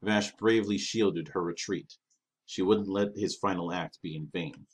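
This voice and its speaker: A man giving a dramatic reading of a novel as a streamer, in measured, steady storytelling. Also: low-pitched, slightly rough.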